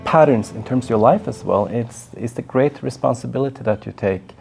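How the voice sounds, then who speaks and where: Gravelly-voiced interviewer asking questions. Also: male voice, mid-range voice, a little fast, darkish tone, soft background music. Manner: hesitant, rambling questions.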